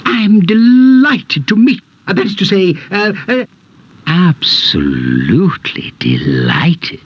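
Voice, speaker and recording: A man voicing a timid, fussy male faun who stammers nervously in a 1970s animated film. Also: sits high, slow, full character voice. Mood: flustered. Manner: stammering, flustered. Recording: muffled old cartoon soundtrack.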